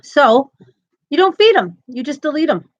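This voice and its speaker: Woman, crochet stream host, casual chatter, upbeat, laughs a lot, high-ish voice, dull lo-fi sound. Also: sing-song, moderate pace. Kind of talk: casual live-stream chat.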